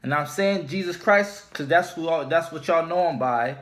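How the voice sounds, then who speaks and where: A man teaching scripture informally, speaking deliberately and repeating his key points for emphasis. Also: on the high side, fairly bright tone. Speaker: religious teacher.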